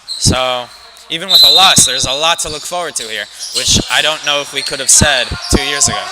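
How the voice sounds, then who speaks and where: A young man commentating a school basketball game live, excitable and joking, hyping up one player. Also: medium pitch, brisk. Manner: excitable, hypes up a player, jokey. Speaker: student play-by-play commentator. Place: school gym. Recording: loud gym noise behind.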